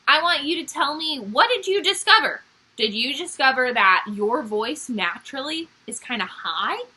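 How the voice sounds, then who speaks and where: A woman's voice: high voice, pushed and bright, low-quality recording. A woman music teacher giving a recorded online lesson to young children, upbeat and explaining step by step.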